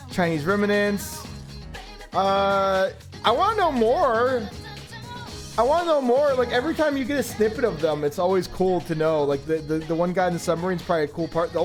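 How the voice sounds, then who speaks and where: A man chats on a livestream, rambling and cursing as he gets excited. His voice sits high and jumps around a lot. Soft music plays quietly underneath. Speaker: streamer. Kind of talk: casual livestream chat.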